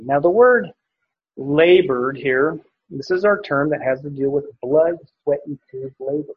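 A man's voice: fairly high pitch, measured pace, a little hiss or hum. A man preaching, teaching a passage verse by verse, with frequent fillers and restarts. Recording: dull lo-fi recording.

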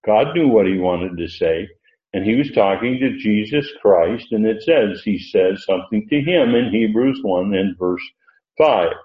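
A man teaching a Bible lesson, reading verses slowly and stressing key words, with frequent "uh" pauses. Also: fairly low pitch, expressive. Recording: roomy lo-fi recording.

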